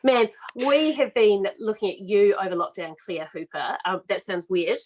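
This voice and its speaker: A woman's voice: mid-range voice, normal speed, slight background noise, rough recording. Middle-aged woman, self-mocking comic storyteller. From Australia. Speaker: comedian. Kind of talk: stand-up set over video call.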